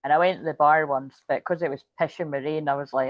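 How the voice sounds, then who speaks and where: A middle-aged woman with a fairly low voice, talking through a tarot reading in a loose, rambling way. She giggles and swears, keeps wandering off on asides, and sounds tired. The audio is dull, lo-fi and dry. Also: fairly even intonation, fast talker, no echo. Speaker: tarot reader. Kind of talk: casual tarot reading chat.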